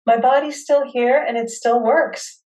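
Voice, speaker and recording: A woman hosting a webinar, leading listeners through a guided tapping session with slow, soothing affirmations. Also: a little high, fairly even intonation, dark tone, far from the mic, poor audio.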